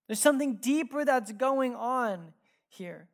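A woman pastor preaching a sermon in a casual, candid storytelling manner, full of fillers and asides, swinging between lively emphasis and quiet, hushed reflection. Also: fairly low pitch, normal speed.

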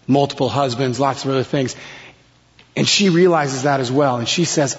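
A man preaching a sermon in a slow, dramatic way, his voice dropping to a hush at key words. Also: medium pitch. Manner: slow, dramatic delivery with sudden soft drops. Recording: long hall reverb, dull lo-fi sound.

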